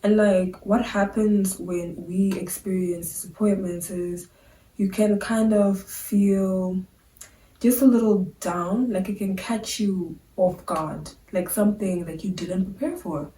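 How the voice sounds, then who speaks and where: A woman's voice: medium pitch, steady tone, takes it slowly, dark tone. A young woman, a vlogger, talking candidly and casually to the camera, with lots of filler words. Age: young adult. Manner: chatty, filler-heavy, candid. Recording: roomy sound, a bit far from the mic.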